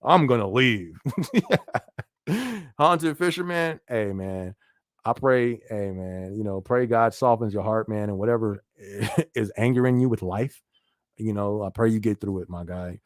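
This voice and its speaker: A man's voice: on the low side, measured pace, dry recording, clean studio sound. A man hosting a casual live podcast, reading viewer comments and answering in a loose, chatty way with frequent laughs and fillers. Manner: laid-back, laughs often, frequent fillers like "you feel me". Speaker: livestream podcast host.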